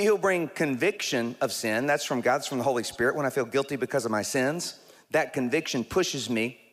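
Man preaching in a reverberant church. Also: medium pitch. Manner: animated preaching with sudden emphatic rises and slow, stressed phrases. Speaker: pastor. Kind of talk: sermon.

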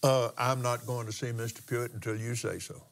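An older man, a minister telling a testimony story in a folksy, drawn-out way with pauses and restarts. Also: medium pitch, steady tone, a little hiss or hum. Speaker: minister and pilot. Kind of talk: storytelling testimony in a broadcast talk.

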